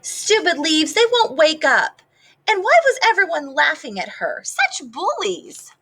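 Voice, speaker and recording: A woman voicing a big, bossy female capybara bully who shouts her lines. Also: high-pitched, expressive, slow pace, pitched above the performer's own voice, exaggerated voice. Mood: grumpy.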